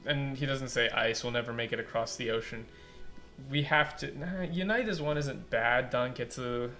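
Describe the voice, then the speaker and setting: A man giving let's play commentary and critiquing a game's translation, blunt and animated, swearing casually and saying "like" a lot. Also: medium pitch, moderate pace, faint music behind. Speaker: game localization critic.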